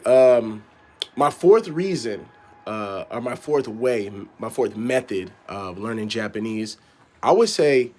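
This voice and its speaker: A young man giving casual vlog advice, rambling with many fillers and repeated words. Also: fairly low pitch. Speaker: vlogger.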